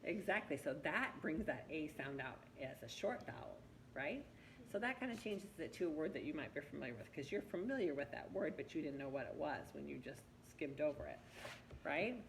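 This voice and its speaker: A woman giving a patient one-on-one reading lesson, gently coaxing her student to sound out words. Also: deep voice, lively intonation, normal speed, creaky, slight background noise, poor audio. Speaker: reading teacher.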